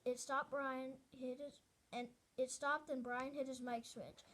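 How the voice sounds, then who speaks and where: A woman's voice: sits high, flat delivery, a little slow, a bit bright. A woman reading a novel aloud in an earnest way, often restarting and correcting herself mid-sentence. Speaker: reader.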